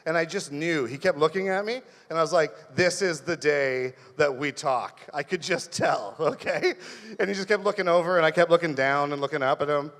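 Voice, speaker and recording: A man doing a stand-up comedy monologue, rambling through animated stories. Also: a little high, fast talker, long reverb tail.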